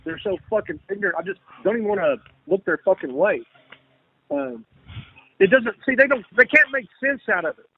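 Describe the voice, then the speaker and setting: A man's voice: high voice, brisk, gravelly, breathy edge, dry recording. A man in casual conversation, talking in a rambling, profane way and repeating himself. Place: lives in Texas. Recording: tinny phone-like line, faint hiss.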